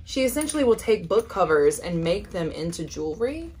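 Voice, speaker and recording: Young woman book vlogger, lowish voice, rambly and chatty. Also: sing-song, fairly quick, darkish tone, slightly rough. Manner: chatty, rambling with many fillers. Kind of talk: casual chat.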